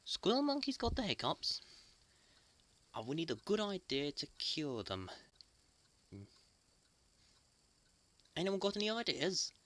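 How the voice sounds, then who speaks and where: Leo, a woman doing a calm toy leader. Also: on the low side. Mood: encouraging. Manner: gentle, thoughtful, slow and reassuring. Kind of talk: children's toy puppet show.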